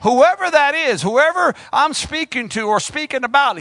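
Preacher guy, high voice that swings all over, fired up, calls out to the church. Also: very animated, measured pace, gravelly, few pauses, bright, forceful tone, dry recording. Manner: impassioned, calls out to the congregation. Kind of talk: sermon.

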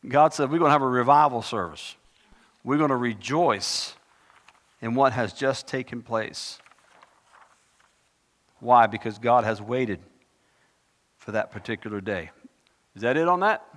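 A medium-pitched man gives a Bible teaching sermon at an unhurried pace, leaving long pauses. Reading scripture, he grows impassioned and loud, then slips into conversational asides, all within a long hall reverb.

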